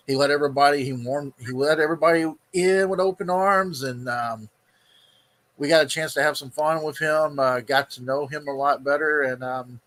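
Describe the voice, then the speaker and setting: A man's voice: mid-range voice, a bit bright. A man hosting a casual interview, asking rambling, hesitant questions full of fillers. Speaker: host.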